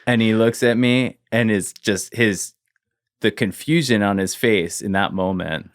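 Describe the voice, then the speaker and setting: A man's voice: on the low side, unhurried, no echo, studio quality. A man, a guest in an interview, telling a personal story casually and leaning on "like" as he goes. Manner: casual, fills with "like", trails off quietly.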